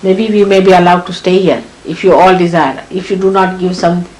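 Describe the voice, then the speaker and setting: A woman's voice: on the low side, steady tone, fairly quick, a little mellow, poor audio. A woman with an Indian accent giving a sermon to her followers in a scolding, exasperated manner, her tone swinging widely. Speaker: spiritual teacher. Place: hall. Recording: archival 1983 talk with faint background noise.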